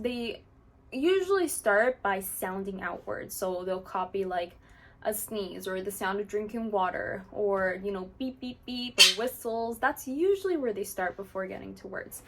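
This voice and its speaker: A woman's voice: mid-range voice, a bit bright. A woman talking casually to the camera as a channel host, explaining how she does things in a chatty way and filling her talk with "like". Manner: chatty and explanatory, with frequent fillers like "like". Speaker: parrot owner and channel host.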